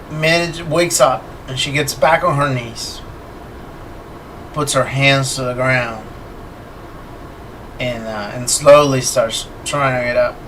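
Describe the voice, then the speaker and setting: A man narrating as game master of a tabletop horror game, unhurried and filling pauses with fillers. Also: medium pitch, sharp tone, distant mic, slight background noise, poor audio.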